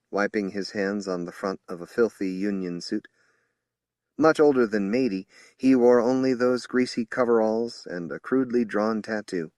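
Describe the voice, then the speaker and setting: A man reading a horror novel aloud as an audiobook narrator in measured storytelling. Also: fairly low pitch, no echo, clean studio sound. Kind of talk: scripted narration.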